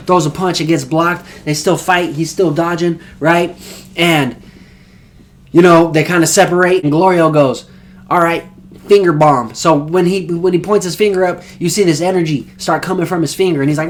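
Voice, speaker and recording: Excitable young man recapping an anime. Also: fairly high pitch, moderate pace. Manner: excited, rambling retelling with swearing and slang. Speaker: anime reviewer. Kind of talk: casual episode recap.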